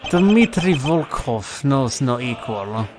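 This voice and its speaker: A man voicing a huge, cold male Russian nurse with a heavy Russian accent and broken English, speaking slowly and threateningly. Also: mid-range voice, big pitch swings, noisy background. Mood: menacing.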